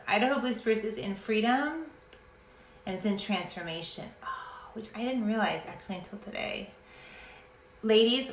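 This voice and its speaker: A woman's voice: medium pitch, pushed and bright, roomy sound. A woman talking casually to camera about essential oils in a chatty, passionate way that sometimes turns into a rant. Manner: chatty and passionate, ranting at times. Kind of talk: casual vlog talk to camera.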